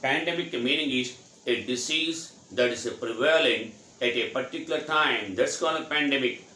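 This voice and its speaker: A man's voice: medium pitch, moderate pace, bright, forceful tone. A man from India teaching English vocabulary, spelling each word letter by letter and answering his own questions. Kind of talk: spelling out and explaining words. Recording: echoey room, faint noise.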